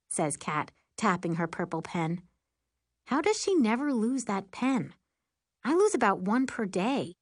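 Woman audiobook narrator, low-pitched, unhurried, dry close read. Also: dry recording. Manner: slow, measured reading. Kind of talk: scripted narration.

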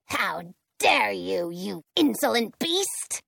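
A woman reading a storybook voices a haughty old witch who snarls slow, spiteful accusations. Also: medium pitch, big pitch swings, gravelly, fairly bright tone, no echo, pitched below the performer's own voice, heavily acted. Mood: furious.

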